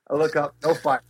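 A man, a speaker and business coach, telling animated stories in an interview and acting out the voices of others. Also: on the high side, a little hiss or hum. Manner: acts out voices and gasps, lively and expressive. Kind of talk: animated storytelling in a podcast interview.

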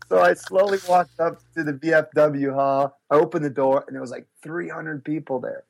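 A man, a speaker and business coach, telling animated stories in an interview and acting out the voices of others. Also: fairly high pitch, moderate pace, gravelly. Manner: acts out voices and gasps, lively and expressive. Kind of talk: animated storytelling in a podcast interview.

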